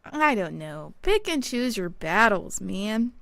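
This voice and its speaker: A woman's voice: mid-range voice, very animated, slow, vocal fry, fairly bright tone, no room sound. A woman co-hosting a podcast, easygoing and laughing often, chatting casually. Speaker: podcast co-host.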